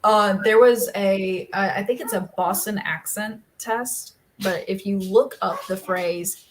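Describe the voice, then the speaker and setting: A woman's voice: medium pitch, measured pace, noisy background. Chatty woman co-hosting a live stream. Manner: chatty, laughs often, breaks off to scold her dogs. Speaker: co-host of a live writing stream. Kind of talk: casual chat.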